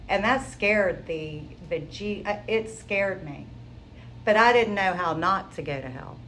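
A woman sharing her personal testimony in an interview, telling it in a lively, conversational way. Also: medium pitch, measured pace, slight background noise, low-quality recording. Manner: animated, conversational storytelling.

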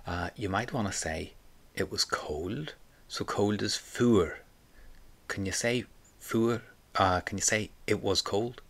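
A man leads a spoken lesson, his voice sitting fairly low. He takes it very slowly, patiently drilling each phrase and leaving gaps for the listener to repeat. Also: vocal fry, a bit bright. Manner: patient, slow drilling with pauses for repetition. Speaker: Irish language teacher. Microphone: close mic, home recording.

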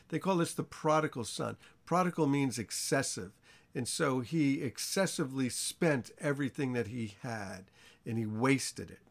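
A man leads an informal Bible study, talking to his listeners as if in conversation and asking them questions. His fairly high voice swoops up and down with energy as he retells the story. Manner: animated storytelling, acts out the characters' lines with rising pitch. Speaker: Bible teacher.

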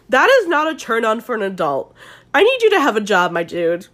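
A woman's voice: on the high side, very animated, fairly quick, fairly bright tone. A young woman hosting an ASMR-style recap, talking chattily with lots of fillers and casual swearing. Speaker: podcast host recapping a reality show.

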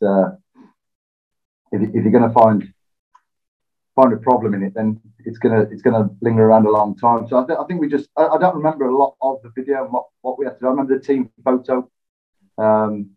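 A man telling stories as an interview guest, relaxed and self-deprecating, laughing often. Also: fairly low pitch. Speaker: interview guest, former footballer. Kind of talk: casual interview storytelling. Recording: slightly dull lo-fi sound.

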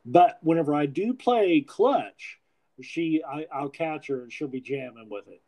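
A man's voice: fairly high pitch, lively intonation, measured pace, mellow, poor audio. A man hosting a podcast in casual chat, rambling with frequent restarts and swearing freely. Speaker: podcast host.

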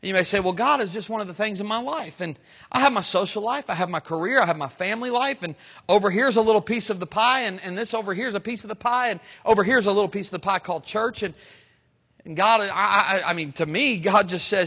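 A man pastor preaching a sermon, rising into emphatic, dramatic lines and pausing between phrases. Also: sits high, sharp tone, husky. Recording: long hall reverb.

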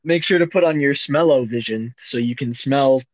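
A young man co-hosting a casual podcast, joking in a mock-gloomy, deadpan way. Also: mid-range voice, normal speed, dry recording, highs cut off. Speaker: podcast co-host.

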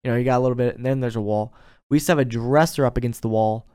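A young man in a college dorm room, hosting a casual podcast and chatting in a relaxed, rambling way. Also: mid-range voice, rapid-fire, clear, resonant tone. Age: young adult. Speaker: podcast host. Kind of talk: casual chat.

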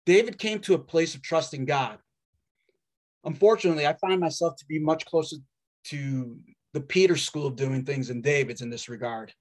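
A man preaching a sermon in a wry, conversational way, with dramatic pauses. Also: a little high.

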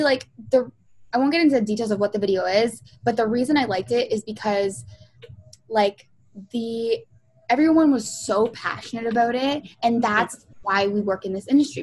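On a rough-sounding recording, a medium-pitched female voice belongs to a young music video producer. Chatting through a relaxed interview, she spins stories full of fillers and performs the lines she quotes.

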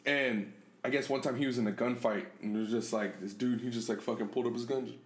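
A man co-hosting a podcast, telling stories in a profane, animated way, full of fillers. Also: mid-range voice, fast talker. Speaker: podcast co-host. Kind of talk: casual chat, storytelling. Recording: echoey room with faint ambient noise.

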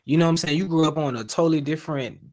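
A man's voice: a little high, rapid-fire. A man from the American South in casual conversation, telling stories with lots of "you know what I'm saying" fillers. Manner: animated storyteller with frequent fillers. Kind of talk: casual chat.

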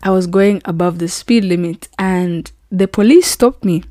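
A woman in her twenties hosting her own podcast, telling a personal story in a casual, animated way and acting out the voices of people she quotes. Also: on the low side, unhurried, no echo, studio quality. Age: 20s. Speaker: podcast host.

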